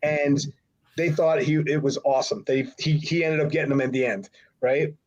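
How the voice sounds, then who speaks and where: Speaking at a normal speed with fairly even intonation and a slightly high voice, this middle-aged man is a podcast guest and ex-wrestler spinning a casual, meandering anecdote. He acts out other people's lines in different voices. The recording sounds a bit dull and lo-fi.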